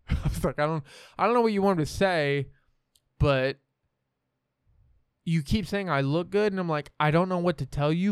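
In a casual podcast chat, a young man from the American Midwest tells a rambling, profane story with confidence. His voice runs on the high side with a clean tone, captured in a dry, studio-quality recording.

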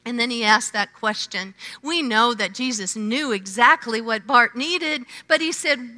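A woman preaching a sermon, emphatic, swelling loud and then dropping to a hush. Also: a little high, expressive. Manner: emphatic, slow, with swelling and hushed phrases. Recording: long hall reverb.

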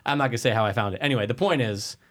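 A young man co-hosting a casual podcast, telling stories in a rambling, animated way with lots of swearing and restarts. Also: medium pitch, racing. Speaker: podcast co-host.

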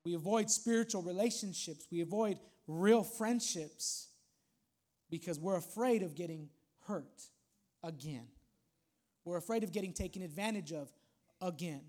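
A man's voice: high-pitched, normal speed, a little mellow. A male pastor preaching a sermon in a conversational way, with frequent asides to the congregation.

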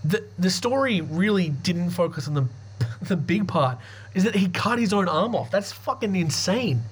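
A man with a fairly high voice hosts a podcast in loose, casual chat. He swears freely and mixes jokes and laughs into his commentary as he reads out news items. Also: lively intonation, normal speed, breathy edge. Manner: profane, joking, laughs often. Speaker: podcast host.

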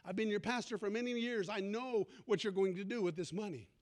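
A middle-aged man pastor preaching a sermon, storytelling with sudden shouts and call-outs to the congregation. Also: high voice, fairly quick. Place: church.

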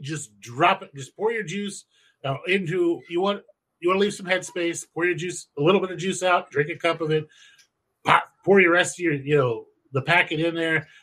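A man's voice: a little high, fairly bright tone. Crude joking man explaining home brewing. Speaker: podcast co-host. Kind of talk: casual podcast chat.

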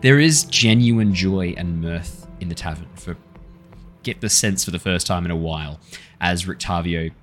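A man's voice: low-pitched, moderate pace, fairly bright tone, faint music behind. A man narrating as game master of a tabletop game, describing scenes in detail with playful asides.

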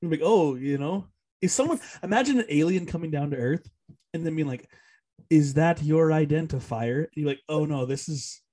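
A young man co-hosting a sports podcast, chatting casually and excitably, laughing often. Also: on the high side, brisk. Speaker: podcast co-host. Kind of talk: casual chat.

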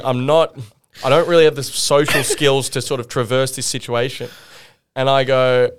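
A young Australian man telling a pub story on a podcast, animated and laughing, acting out the people in it. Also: medium pitch, clear, resonant tone. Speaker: podcast guest. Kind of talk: casual storytelling.

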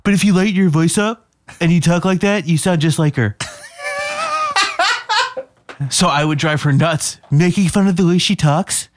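A man's voice: fairly high pitch, normal speed, long pauses, background noise. A man co-hosting a podcast, telling a story in casual chat and acting out what people said. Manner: storytelling, acts out quotes. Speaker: podcast co-host.

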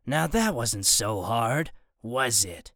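A man's voice: mid-range voice, lively intonation, slow, a bit bright, no echo, clean studio sound, pitched below the performer's own voice, exaggerated voice. A man doing a cold, commanding gang boss. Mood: menacing. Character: menacing male gang leader, adult, bossy. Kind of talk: audiobook character voice.

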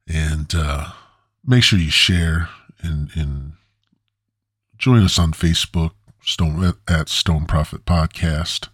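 A man's voice: very deep voice, husky, dry recording, clean studio sound. A man hosting a podcast alone, rambling in a meandering, crude, zoned-out way. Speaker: podcast host. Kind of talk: casual rambling monologue.

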